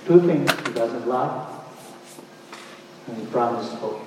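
A man preaching a lively sermon to his congregation, checking in with them often with "right?" and "huh?". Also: mid-range voice, slow, noisy background. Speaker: pastor. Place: church hall. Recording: echoey hall, distant and dull.

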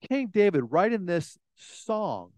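A man's voice: high-pitched, sing-song, takes it slowly, a little mellow, dry recording, poor audio. A man preaching a sermon in a conversational way, often repeating words and acting out little everyday scenes. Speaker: pastor.

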